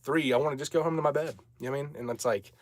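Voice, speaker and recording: A man's voice: medium pitch, steady tone, racing, no room sound. A young man hosting a casual livestream, rambling and chatting as he answers viewer comments. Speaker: livestream host.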